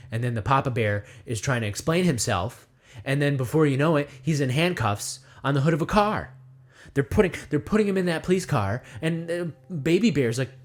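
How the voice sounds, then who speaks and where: A man delivering a rambling satirical monologue, speaking of himself in the third person and firing off rhetorical questions. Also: mid-range voice. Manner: acts out voices in quick asides. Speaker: comedy video essayist.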